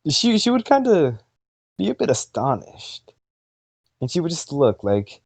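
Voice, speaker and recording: A man co-hosting a casual what-if voice chat, talking in an animated, rambling way and laughing often. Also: medium pitch, unhurried, dry recording. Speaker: co-host of a what-if collab.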